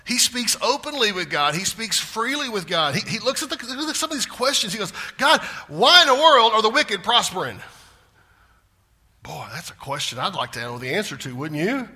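A man preaching a sermon with big swings in pitch and loudness, sometimes dropping to a hushed voice for emphasis. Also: very animated, brisk, few pauses, breathy edge. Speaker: pastor.

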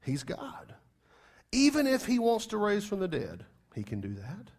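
A man's voice: sits high, huge pitch swings, a little slow, a little mellow. A man preaching a sermon as pastor, emphatic, repeating key phrases and firing rhetorical questions at the congregation.

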